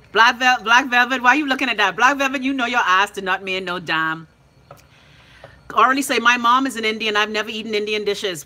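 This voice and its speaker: Brash Bahamian woman, bright voice. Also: a little high, brisk. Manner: brash, profane and teasing, calls out viewers by name. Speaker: host of a live call-in show. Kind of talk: loud casual livestream chat reading viewer comments.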